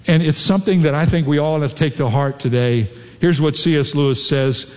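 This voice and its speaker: A man's voice: on the high side, darkish tone. A man preaching a sermon as a pastor. He talks earnestly and acts out sample prayers. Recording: long echo of a large hall.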